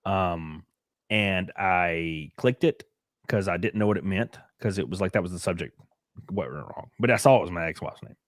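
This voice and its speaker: Open-hearted man, low voice, dry sound. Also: normal speed, dry recording. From United States. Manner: candid, rambling storytelling with many fillers. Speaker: podcast host. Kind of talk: casual chat.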